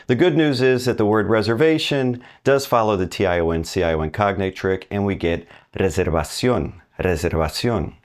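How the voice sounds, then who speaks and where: Deep-voiced man teaching a language lesson. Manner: upbeat, conversational, models phrases slowly; asks the learner questions and pauses for answers. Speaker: Spanish teacher.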